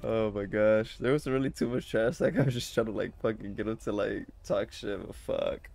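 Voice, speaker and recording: A man's voice: on the low side, steady tone, moderate pace, vocal fry, hardly any pauses, darkish tone. A young man giving casual gameplay commentary, teasing another player and laughing a lot. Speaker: gaming video creator. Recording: background music under voice.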